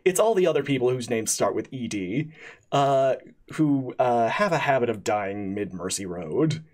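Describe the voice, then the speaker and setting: Husky man running a tabletop game. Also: mid-range voice, expressive. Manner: halting, many fillers and restarts. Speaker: game master. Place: streaming setup.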